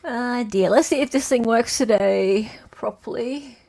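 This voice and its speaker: A woman's voice: on the high side, measured pace, vocal fry, dark tone. A woman with an Australian accent hosting a casual livestream, chatting loosely and reading out quiz questions in a sing-song list. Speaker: livestream host.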